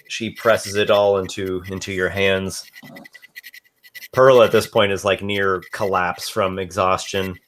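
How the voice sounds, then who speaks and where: A man narrating as game master in a tabletop game, halting, with many fillers and restarts. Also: on the low side.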